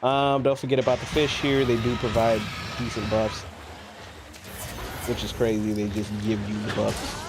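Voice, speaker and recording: A man's voice: lowish voice, level tone, moderate pace, background noise. A man streaming a video game, chatting casually with a friend, teasing and swearing. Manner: teasing, profane, laughs often. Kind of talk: casual gaming chat.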